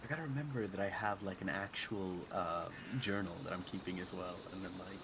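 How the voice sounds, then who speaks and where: A man's voice: low voice, brisk, noisy background. A man playing a tabletop game, talking casually and hesitantly with many fillers. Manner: hesitant, filler-heavy planning talk. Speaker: player. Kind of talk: casual chat.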